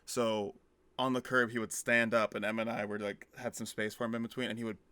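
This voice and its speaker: Young man, podcast co-host, quick delivery, animated storytelling, dry close sound. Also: on the low side, clear, resonant tone, no room sound. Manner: animated storyteller, acts out quotes. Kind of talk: casual chat.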